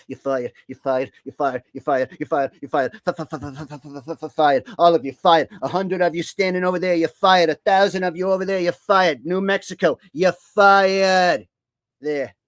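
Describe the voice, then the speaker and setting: A man's voice: a little high, no room sound, close to an everyday voice. A man doing an impression of a boastful, blustering older male president who repeats himself and bullies his listener. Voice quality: repetitive, bragging, bullying cadence.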